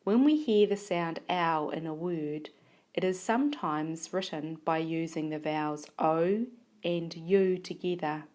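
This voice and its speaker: Low-voiced lady teacher doing phonics, sounds out each word real slow and careful. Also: darkish tone. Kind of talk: phonics lesson. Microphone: tablet recording.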